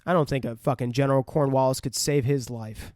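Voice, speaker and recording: A man's voice: medium pitch, fairly even intonation, a little fast, a little mellow, no room sound, studio quality. A young man co-hosting a podcast, retelling a film in a rambling, profane way and laughing often. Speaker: podcast co-host. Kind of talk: casual film review chat.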